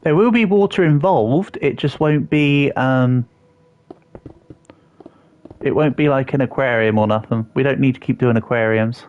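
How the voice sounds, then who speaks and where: A man's voice: medium pitch, unhurried. Chatty self-deprecating young male streamer. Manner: chatty, self-deprecating, answers viewers aloud. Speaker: livestreamer. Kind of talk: casual gaming livestream chat. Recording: slightly dull audio with faint background music.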